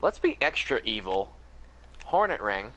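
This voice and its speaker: A man's voice: fairly low pitch, big pitch swings, unhurried, sharp tone. A young man playing a game with friends, playful and giggly, cracking jokes and sometimes putting on silly voices. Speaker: co-player. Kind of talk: casual gaming chat.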